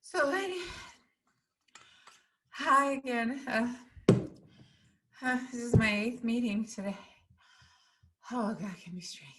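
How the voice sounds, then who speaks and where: A woman's voice: mid-range voice, unhurried, long pauses, fairly bright tone, lightly acted. A woman acting out a frazzled, worn-out woman stuck in endless video meetings, talking in a flustered, pleading way. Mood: exhausted.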